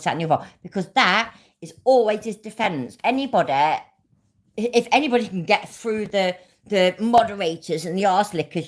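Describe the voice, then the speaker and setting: A British woman hosting a livestream, ranting angrily with heavy swearing and answering chat viewers by name. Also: lowish voice. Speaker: livestream host. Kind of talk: casual livestream rant.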